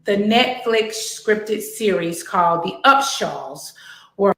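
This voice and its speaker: A woman telling a personal story to camera in a measured way, with filler words, recorded with a roomy echo. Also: mid-range voice, expressive, fairly bright tone.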